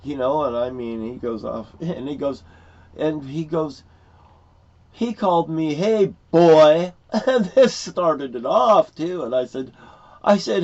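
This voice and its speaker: Rambling, cussing man telling a story. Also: medium pitch. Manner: profane, excitable, rambling. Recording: dull lo-fi recording.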